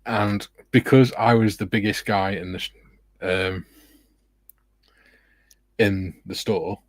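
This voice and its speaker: A middle-aged man with a low voice tells chatty stories on a relaxed livestream, laughing at his own anecdotes. The sound is dry and close, with no room around it. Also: slow pace, dry recording. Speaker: livestream co-host reading viewer comments. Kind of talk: casual livestream chat. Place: home hobby room.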